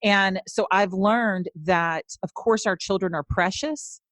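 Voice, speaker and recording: A woman's voice: medium pitch, slow pace, fairly bright tone, no echo. A middle-aged woman hosting a podcast, telling family stories in an earnest, casual way with frequent restarts. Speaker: podcast host. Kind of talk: casual chat.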